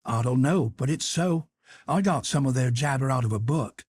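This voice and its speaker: A man's voice: medium pitch, moderate pace, darkish tone, breathy edge, dry recording, close to an everyday voice. Man voicing a curious earnest boy. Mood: reasoning. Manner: earnest questioning. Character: curious young boy, patient and reasoning.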